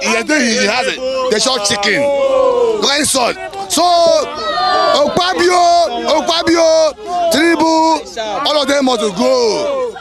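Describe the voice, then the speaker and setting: A man with a Nigerian accent, a protester shouting in halting bursts in a street interview. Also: very high voice, expressive. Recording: loud crowd and music outdoors.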